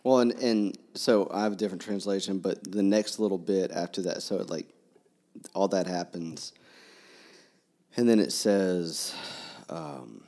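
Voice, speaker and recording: Man with a very deep voice, musing over a novel in casual talk. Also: unhurried, mellow. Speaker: book discussion participant. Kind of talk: casual book discussion.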